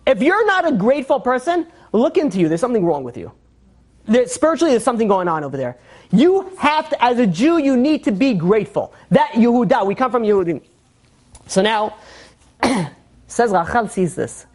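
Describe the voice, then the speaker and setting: Animated man teaching Torah, storytelling style. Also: very high-pitched, normal speed. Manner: animated, emphatic, storytelling with asides. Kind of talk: informal Torah lesson.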